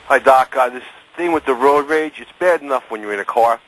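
A man calls in to a radio show, his voice husky and of middling pitch. He speaks earnestly, almost pleading. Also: fairly quick, fairly bright tone, poor audio. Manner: earnest, pleading with other drivers. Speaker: caller. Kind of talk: call-in radio conversation.

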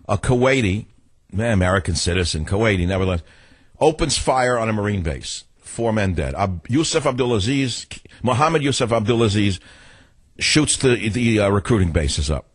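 Older radio guy ranting sarcastically, low husky voice, lively ups and downs, dry studio sound. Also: no echo. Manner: sarcastic, combative, rambling. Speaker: talk radio host. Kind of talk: political talk radio monologue.

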